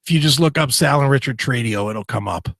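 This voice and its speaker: A man's voice: medium pitch, fairly quick, fairly bright tone, no room sound. A man co-hosting a casual radio show, crude and joking, riffing with his partner. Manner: crude, joking, does mocking impressions.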